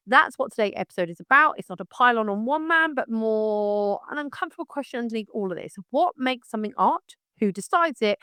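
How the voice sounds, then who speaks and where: A woman's voice: mid-range voice, fairly bright tone, clear, resonant tone, no echo, clean studio sound. A woman hosting her own podcast, giving outspoken and emphatic commentary in a direct manner. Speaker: podcast host. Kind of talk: opinionated commentary.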